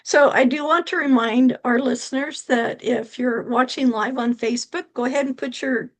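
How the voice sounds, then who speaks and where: A woman with a high, bright-pitched voice hosts a live talk show. She chats easily and reads out the questions her audience sends in. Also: steady tone, normal speed. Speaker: host.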